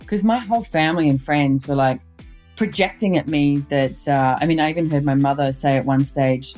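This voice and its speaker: A woman's voice: low-pitched, fairly quick, a little mellow, faint music behind. A middle-aged woman, a relationship expert guest, talking candidly in casual conversation and telling personal stories. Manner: candid, storytelling, laughs easily.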